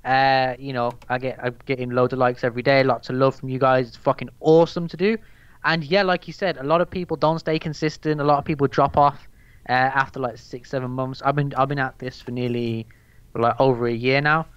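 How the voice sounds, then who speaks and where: A man's voice: medium pitch, fairly even intonation, brisk, clear, resonant tone, no echo, highs cut off. A young man with a Birmingham accent chatting casually as a podcast guest, rambling and swearing with lots of fillers. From England. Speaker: guest, MMA news account runner.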